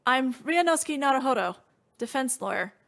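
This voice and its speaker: A woman's voice: high-pitched, animated, normal speed, fairly bright tone. A woman voicing a polite young male defense lawyer in a story game, earnest and courteous.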